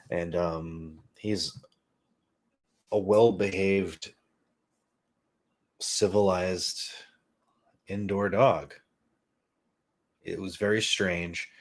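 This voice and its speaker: A man hosting a podcast, telling a rambling, self-mocking, profane story in a casual comedic way. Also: deep voice. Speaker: podcast host.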